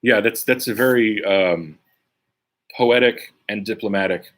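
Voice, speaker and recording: A man's voice: lowish voice, takes it slowly, pauses often, fairly bright tone. A man leading a casual Bible study, reading scripture aloud and commenting conversationally with frequent "right?" tags. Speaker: Bible teacher.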